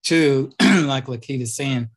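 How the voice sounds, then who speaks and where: A man's voice: medium pitch, takes it slowly. A man, a pastor, talking in a plain, folksy way in a group discussion. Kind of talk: casual discussion.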